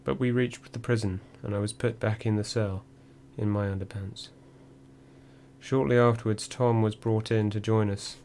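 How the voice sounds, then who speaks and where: A faint hum lies under the voice of a male audiobook narrator reading a memoir told in the first person. He speaks low and steadily, measured and dry, with minimal rise and fall.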